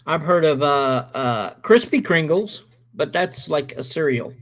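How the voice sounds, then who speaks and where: A man hosting a home gaming stream, chatting casually and joking, with drawn-out fillers. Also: fairly high pitch, expressive, a bit bright. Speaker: stream host. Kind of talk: casual chat.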